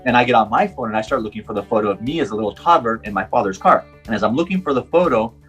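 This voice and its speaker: A man's voice: medium pitch, rapid-fire, faint music behind. A middle-aged man from Puerto Rico who is a professional driver, telling a personal story in an interview and acting out the dialogue. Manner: animated storyteller, acts out quoted dialogue.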